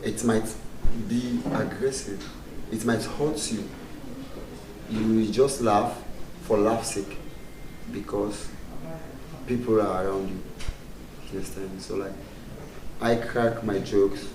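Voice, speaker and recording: A man's voice: fairly low pitch, steady tone, takes it slowly, long pauses. Comedian guy, chuckles a lot, sounds far from the mic in an echoey room. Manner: laughs often, broken pidgin-tinged phrasing. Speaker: comedian guest. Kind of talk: casual interview chat. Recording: roomy sound from far off, faint background noise.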